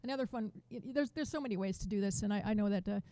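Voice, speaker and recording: A woman teaching a drum masterclass over a video call, chatty and counting beats out loud. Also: medium pitch, racing, dry recording. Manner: chatty, restarts sentences, counts beats aloud.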